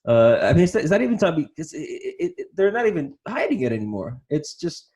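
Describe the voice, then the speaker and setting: A man hosting an interview podcast, talking casually with halting restarts and retelling comedy bits. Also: a little high, sing-song, a little mellow. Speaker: podcast host.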